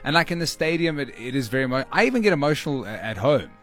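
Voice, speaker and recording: A man co-hosts a radio show and talks quickly. His speech is earnest and halting, full of restarts, with faint music behind him. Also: mid-range voice, sing-song, fairly bright tone. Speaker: radio co-host. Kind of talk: casual radio banter.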